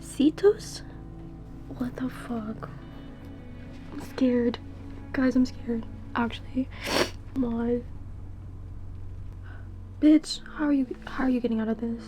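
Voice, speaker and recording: A woman's voice: fairly high pitch, steady tone, slow, pauses often, warm tone, soft background music, rough recording. A young woman vlogging her reading, reacting emotionally with frequent swearing and whispered asides. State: tearful at times. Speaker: book vlogger.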